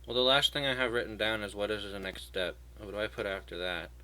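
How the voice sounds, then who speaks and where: A man in a job training program, speaking quietly and hesitantly, unsure of himself, on a video call. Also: on the low side, fast talker, rough recording. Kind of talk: casual conversation on a video call.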